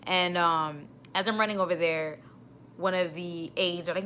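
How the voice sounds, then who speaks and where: A woman's voice: fairly low pitch, moderate pace, slight background noise. A young woman with a New York accent, an ER nurse, telling a story in a casual vlog and getting more and more exasperated as she goes. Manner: animated, exasperated storytelling with rising outbursts. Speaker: ER nurse vlogger.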